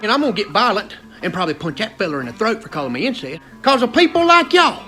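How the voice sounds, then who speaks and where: A man's voice: high voice, big pitch swings, quick pace, bright, forceful tone, faint music behind. A male comedian with a South Carolina accent doing a stand-up rant in an exasperated, rowdy drawl.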